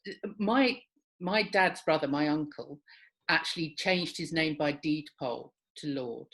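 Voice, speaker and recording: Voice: medium pitch, unhurried, vocal fry, fairly bright tone. Chatty podcast host voice. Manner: encouraging, chatty interviewer. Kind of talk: casual interview.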